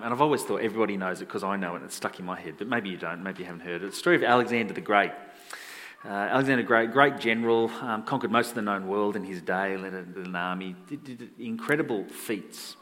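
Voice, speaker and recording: A man preaching in a conversational, self-deprecating way, telling stories and getting animated when he quotes people. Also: fairly low pitch, fast. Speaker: pastor. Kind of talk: sermon storytelling. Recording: long hall reverb.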